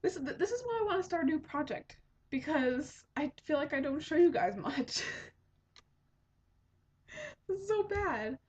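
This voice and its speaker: A woman in her twenties with a high-pitched, very animated, slightly mellow voice hosts a podcast at a moderate pace, leaving long pauses. She rambles through casual chat with plenty of ums. The recording sounds like dull lo-fi home audio.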